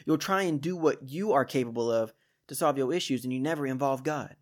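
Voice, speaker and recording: A man's voice: medium pitch, a little fast. A young adult man hosting a Christian podcast, telling a personal story and building to emphatic preaching. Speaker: podcast host. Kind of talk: devotional podcast talk.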